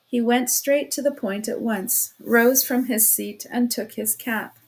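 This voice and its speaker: A woman narrates a classic novel in a steady reading voice and now and then corrects a slipped word. Her pitch sits a little high for a woman. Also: measured pace, breathy edge. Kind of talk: audiobook narration.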